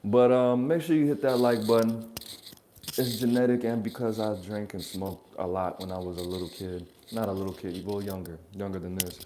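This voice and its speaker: A man's voice: fairly low pitch, fairly even intonation, moderate pace, noisy background. A man hosting a reaction channel, rambling through blunt, profane, joking advice in a casual monologue from his apartment.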